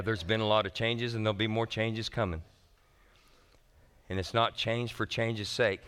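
A man preaching a sermon as pastor, animated and folksy, talking casually to his congregation. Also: on the low side.

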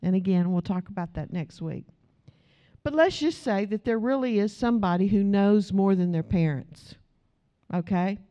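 A woman's voice: medium pitch, normal speed, dull audio. A middle-aged woman preaching a sermon in a conversational way, asking the audience questions.

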